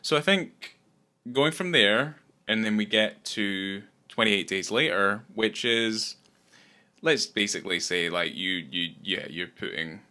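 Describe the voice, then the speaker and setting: A man's voice: on the low side, expressive, measured pace, pushed and bright. A man co-hosting a podcast, talking casually and rambling about a film, swearing often. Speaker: podcast co-host.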